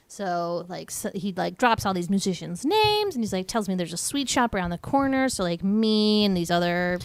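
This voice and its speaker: A woman co-hosts a podcast in casual, playful chat, retelling film scenes like a storyteller. Her voice sits at an ordinary middle pitch. The sound is dry and close, with no room around it. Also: animated, moderate pace, hardly any pauses, smooth, no room sound. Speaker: podcast co-host.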